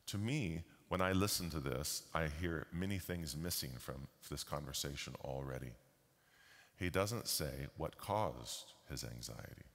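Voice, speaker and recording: Very deep-voiced man in a reverberant hall. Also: fairly bright tone. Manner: slow, deliberate with pauses. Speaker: keynote speaker. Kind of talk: storytelling keynote talk. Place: large conference hall.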